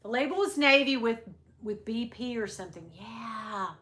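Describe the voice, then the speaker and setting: Chatting and laughing often with her viewers, a middle-aged woman rambles through a casual livestream. Her voice is a little high and fairly bright, at a moderate pace.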